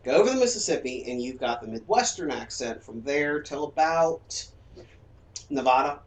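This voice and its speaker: A man's voice: fairly high pitch, lively intonation, moderate pace. A man with a Southern US accent, chatting casually and lecturing with jokes as a game streamer. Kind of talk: casual chat. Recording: roomy echo from a distance.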